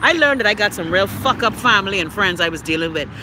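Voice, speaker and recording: A Bahamian woman in her fifties with a Bahamian accent, hosting a casual livestream chat and ranting loudly with plenty of profanity, talking into a phone outdoors near traffic. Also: mid-range voice, quick pace. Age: 50s. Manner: loud, profane, animated ranting. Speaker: livestream host.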